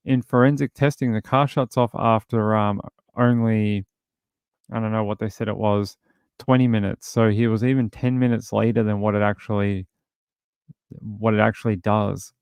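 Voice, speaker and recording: A man's voice: on the low side, fairly even intonation, moderate pace, darkish tone, clear, resonant tone, no echo, clean studio sound. An Australian man hosting a casual true-crime livestream, speaking bluntly and with indignation as he reads viewer comments aloud. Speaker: livestream host.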